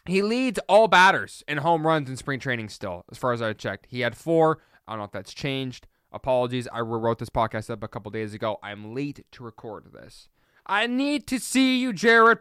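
A man hosting his own sports podcast, talking alone in a sarcastic, animated rant that wanders and corrects itself. His voice is smooth and clear. The sound is dry and close, with no room around it. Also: fairly high pitch, no echo.

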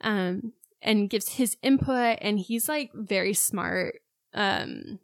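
A woman's voice: mid-range voice, takes it slowly, vocal fry, dry recording, studio quality. A woman co-hosting a casual podcast, chatty and openly emotional as she talks. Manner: chatty, gets emotional and laughs through tears. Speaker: podcast co-host, esthetician.

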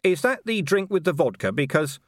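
A man's voice: a little high, sing-song, moderate pace, dry recording, studio quality, pitched above the performer's own voice. Man doing a blunt police commander. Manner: blunt, wary.

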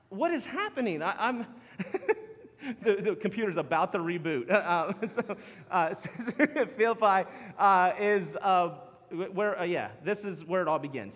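A man preaching a sermon as pastor, chatty and animated, laughing often. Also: high-pitched, in a large hall.

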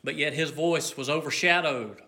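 A man preaching a sermon, earnest and measured, swinging between loud emphasis and near hush. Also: fairly high pitch, slight background noise.

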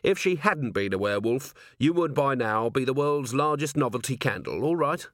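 A man doing a gruff, weary watch commander. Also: mid-range voice, a little fast, no room sound, clean studio sound, natural voice. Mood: patient.

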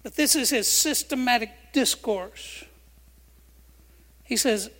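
Pastor, male, bright, forceful voice, emphatic sermon with call-and-response, long hall reverb. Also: very high-pitched, slow, pauses often. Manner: emphatic, asks the congregation questions and has them repeat phrases. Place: church sanctuary.

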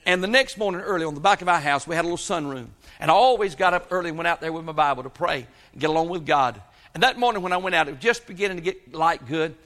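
Bright-voiced preacher man. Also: fairly high pitch, fast talker. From South Georgia, US. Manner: folksy storytelling with frequent amens. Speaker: pastor. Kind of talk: sermon.

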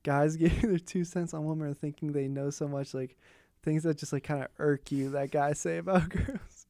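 A man's voice: a little high, fairly even intonation, normal speed, dark tone, no room sound, clean studio sound. A man hosting a podcast in casual chat, often laughing while asking questions. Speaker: podcast host.

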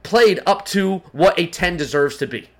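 A man's voice: sits high, animated, moderate pace. A man co-hosting a casual sports podcast who criticizes with fired-up, profane talk. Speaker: podcast co-host.

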